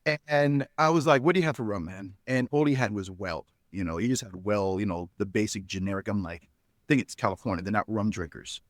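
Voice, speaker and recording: A man's voice: brisk, dry recording, studio quality. A middle-aged man, a podcast guest, telling stories in a casual interview and acting out the people he quotes, with a lot of "you know" in his speech. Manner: animated storyteller, acts out quoted dialogue with jumps in pitch; lots of "you know" fillers. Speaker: podcast guest, spirits company founder.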